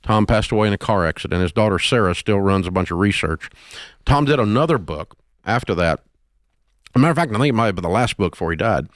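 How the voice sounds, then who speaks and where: A man's voice: fairly low pitch, lively intonation, fast, no room sound, clean studio sound. A man hosting a call-in advice show, blunt and scolding but affectionate, with folksy turns of phrase. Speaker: radio talk show host. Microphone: studio microphone.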